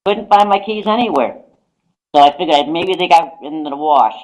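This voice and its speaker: A woman's voice: sits low, moderate pace, darkish tone, poor audio. A woman psychic guest on a radio talk show, casually telling a long anecdote and repeating "I says" as she goes. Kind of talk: casual radio chat, storytelling.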